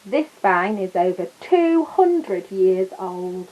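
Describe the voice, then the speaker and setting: A woman voicing a kindly, courteous older gentleman in a storybook read-aloud. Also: medium pitch, sing-song, takes it slowly, highs cut off.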